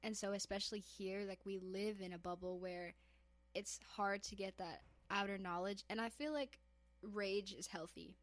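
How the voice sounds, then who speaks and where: A woman chats casually as a podcast co-host, playful and quick to tease. Her voice sits at a middle pitch. The room is dry, with no echo. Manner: teasing, animated, laughs often. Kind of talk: casual chat.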